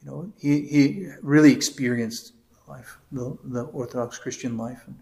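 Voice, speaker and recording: With a mellow, medium-pitched voice touched by vocal fry, this American priest talks through his catechism lesson at a moderate pace. He keeps it conversational, voicing characters in anecdotes and reading passages aloud.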